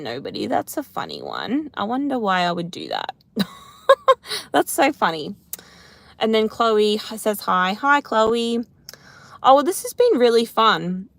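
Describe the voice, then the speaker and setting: A woman's voice: mid-range voice, vocal fry, a bit bright, dry recording. Rambling chatty woman. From Australia. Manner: rambling, chatty, self-deprecating. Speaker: livestream host answering comments. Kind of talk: casual live Q&A chat.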